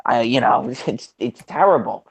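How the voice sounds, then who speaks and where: A man's voice: medium pitch, animated, normal speed, gravelly, breathy edge. A young man in a casual chat, telling blunt stories full of swearing. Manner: blunt, profane storytelling. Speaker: podcast co-host.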